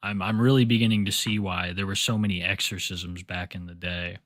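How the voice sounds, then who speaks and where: A man's voice: low-pitched, fairly even intonation, fairly quick, fairly bright tone, no room sound. Dry-voiced man mocking on a live stream. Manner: crude, mocking, rambling commentary. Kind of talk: casual chat to stream viewers.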